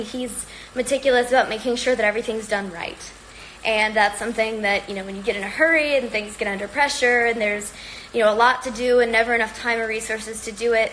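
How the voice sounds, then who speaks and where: A woman's voice: fairly high pitch, fairly bright tone, a little hiss or hum, low-quality recording. A woman chatting casually on a livestream from home, rambling and upbeat while slightly out of breath from exercising. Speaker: livestream host.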